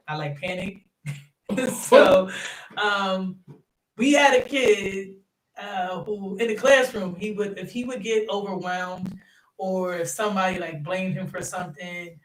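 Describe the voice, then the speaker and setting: A young man chats animatedly about coaching kids, laughing often and leaning on fillers. He sits some distance from the mic. His voice carries a noticeable room echo. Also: high-pitched. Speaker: youth basketball coach and third-grade teacher. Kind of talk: casual interview chat. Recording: roomy sound from off-mic.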